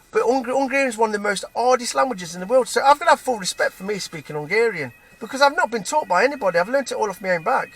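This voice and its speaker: A man's voice: high-pitched, a bit bright. A man from Nottingham with a Nottingham accent, ranting to camera in a heated, swearing way, stumbling over restarts and tagging lines with "right?". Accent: Nottingham English. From England, Nottingham. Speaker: vlogger. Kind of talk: angry personal rant to camera.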